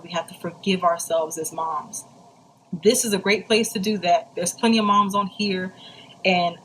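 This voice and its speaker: A woman's voice: medium pitch, a little hiss or hum, low-quality recording. A young woman speaking casually and earnestly to other mothers, telling a personal story with heartfelt, faith-filled encouragement. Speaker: mom sharing a personal story.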